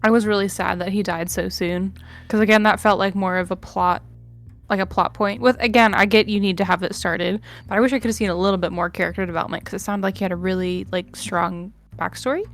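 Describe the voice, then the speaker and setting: A woman's voice: medium pitch, steady tone, fast talker, soft background music. A woman guest on a casual movie-review podcast, chatty and hedging, often trailing off mid-thought.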